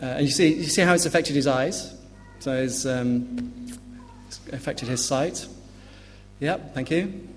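A man preaching an earnest sermon, emphatic and dropping to a hush on grave points. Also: medium pitch, a little slow, long pauses. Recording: long hall reverb.

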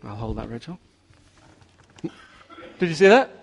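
Slow, emphatic preacher. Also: male voice, medium pitch, very animated, creaky, a little hiss or hum. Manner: emphatic, repeats key words, talks with congregation. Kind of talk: sermon. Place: church.

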